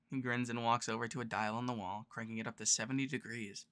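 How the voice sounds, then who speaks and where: A man reading a visual novel aloud in the first person, narrating in a casual, low-key way. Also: fairly even intonation, quick pace, a bit bright, dry recording, studio quality.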